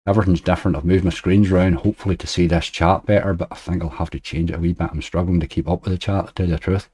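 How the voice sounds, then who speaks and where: Low, mellow-voiced man streaming. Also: fairly even intonation, racing, husky. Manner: chatty, reading out viewer chat. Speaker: slots livestreamer. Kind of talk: casual live-stream chat. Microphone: desk microphone.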